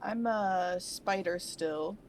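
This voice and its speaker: A woman's voice: on the low side, slow pace, background noise. A woman playing a tabletop game, chatting in a hesitant, giggly way. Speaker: player. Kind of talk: casual chat while playing a tabletop game.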